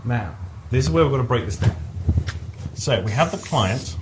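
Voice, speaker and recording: A man's voice: medium pitch, animated, moderate pace, background noise. A man leading a workshop, explaining ideas conversationally with stories and restarting his sentences. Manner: conversational, repeats words when restarting. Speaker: workshop trainer. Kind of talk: live teaching talk with anecdotes. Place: training room with a live group.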